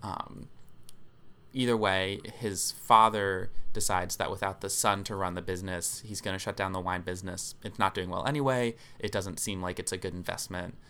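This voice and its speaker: Male podcast co-host, low gravelly voice with a crisp edge, casual storyteller, leans on filler ums. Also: steady tone, moderate pace, sharp tone. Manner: explanatory, many filler ums.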